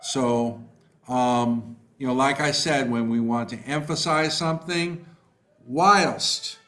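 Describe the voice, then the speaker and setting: A man teaching a live online class. He reads out student answers and praises them by name, talking slowly with many fillers. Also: medium pitch, steady tone, a bit bright. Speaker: online English tutor. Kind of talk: live online class, reading chat replies.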